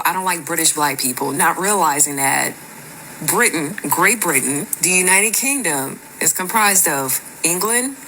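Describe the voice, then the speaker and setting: A woman's voice: lowish voice, sharp tone, slight background noise, low-quality recording. A woman hosting a reaction video, commenting in an exasperated, emphatic way and repeating her points for stress.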